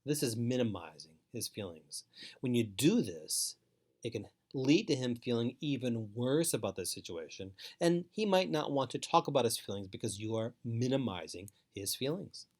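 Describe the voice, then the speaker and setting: A man giving an instructional talk to foster parents, speaking in a measured, emphatic way and repeating key points. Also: medium pitch, animated, darkish tone. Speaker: foster care trainer.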